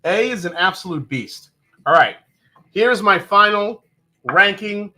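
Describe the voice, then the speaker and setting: Lively, bright-voiced man hosting a stream. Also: sits high, unhurried. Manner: joking, loose, profane. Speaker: livestream host. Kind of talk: casual live chat.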